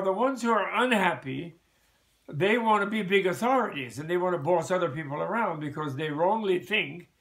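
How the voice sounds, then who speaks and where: A man's voice: fairly high pitch, creaky. An older American man hosting a podcast, teaching in a casual, rambling way with frequent restarts and chuckles. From United States. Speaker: podcast host and Buddhist teacher.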